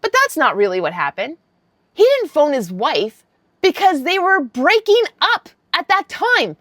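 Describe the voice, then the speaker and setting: A woman's voice: high-pitched, a little slow, dry recording, clean studio sound. A woman in her fifties telling a story in a casual vlog, blunt and given to swearing. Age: 50s. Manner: blunt and swearing, animated retelling. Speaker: vlogger.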